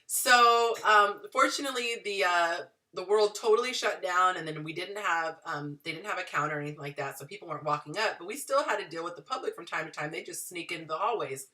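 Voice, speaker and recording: A woman in her thirties telling her story to viewers in a chatty, animated way. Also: on the low side, quick pace, hardly any pauses, far from the mic. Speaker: dating and relationship advice vlogger.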